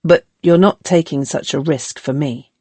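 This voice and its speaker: A woman voicing a worried, tender male slave and lover from a historical novel, in a gentle reading tone. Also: low-pitched, normal speed, slightly rough, no room sound. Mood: anxious.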